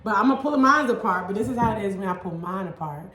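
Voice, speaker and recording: A woman, chatting excitedly while she cooks in a casual vlog. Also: medium pitch, fast, roomy sound. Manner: chatty and excitable, laughs easily. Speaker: fitness vlogger cooking at home. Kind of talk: casual cooking vlog chat.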